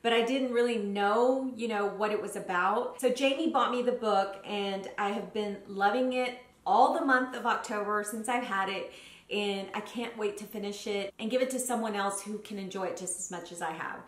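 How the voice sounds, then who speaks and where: Chatty girl doing a favorites vlog, mid pitch, lots of ums, roomy echo. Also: normal speed. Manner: chatty, gushing, with frequent fillers. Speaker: vlogger.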